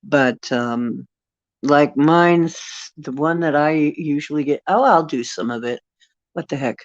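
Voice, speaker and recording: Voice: medium pitch, measured pace, darkish tone, dry recording. A channel host musing hesitantly in casual spiritual talk, with frequent fillers and restarts. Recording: dull lo-fi recording.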